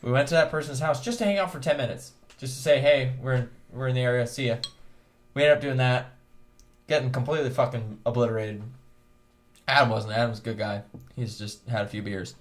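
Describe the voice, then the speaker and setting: Dude rambling thru a story, swears a ton, laughs a lot, mid pitch. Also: male voice, a little fast. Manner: rambling, profane, laughing often. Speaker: podcast co-host. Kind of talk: casual storytelling among friends.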